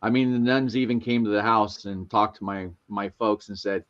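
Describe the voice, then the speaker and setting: Over lo-fi livestream sound, a middle-aged male host talks in a lowish voice with fairly even intonation and a normal speed. He's a chatty storyteller, reading comments from viewers and sharing casual anecdotes.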